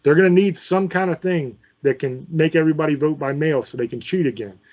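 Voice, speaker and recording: A man's voice: a little high, brisk, darkish tone, dull audio. A man from Virginia, hosting his channel in an angry, profane political rant. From Virginia, USA. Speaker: channel host. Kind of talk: ranting political commentary.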